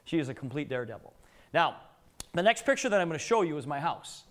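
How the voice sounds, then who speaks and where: A man's voice: a little high, very animated, quick pace. A middle-aged man giving a live business presentation to an audience, telling joking stories and putting questions to the room.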